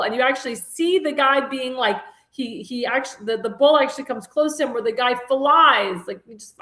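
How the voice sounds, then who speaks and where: A woman's voice: mid-range voice, a bit bright. A woman hosting a live political talk show, chatting casually with many fillers and restarts. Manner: indignant, scolding. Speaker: host. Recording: roomy echo.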